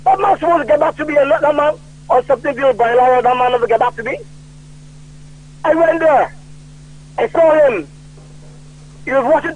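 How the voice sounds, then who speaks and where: A man calling in to a radio talk show, ranting loudly about politics and retelling old conversations. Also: very high voice. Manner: loud and heated, retelling quoted conversations. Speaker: radio call-in caller. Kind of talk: political rant on a call-in show. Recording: tinny phone line.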